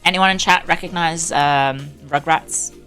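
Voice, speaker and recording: A woman with a low voice hosts a live stream in a casual, chatty way. She greets her viewers one by one and laughs easily. Faint music plays underneath. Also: measured pace, pushed and bright, clear, resonant tone.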